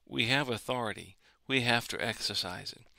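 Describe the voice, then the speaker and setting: A man's voice: mid-range voice, normal speed, gravelly, bright, forceful tone, no room sound. A man preaching a sermon in an earnest way, repeating phrases to build emphasis.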